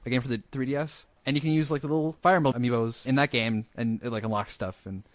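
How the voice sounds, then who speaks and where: A man's voice: medium pitch, fairly even intonation, fast talker, dry recording. A young man co-hosting a podcast, chatting casually with wry remarks and swearing. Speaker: podcast co-host. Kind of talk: casual chat.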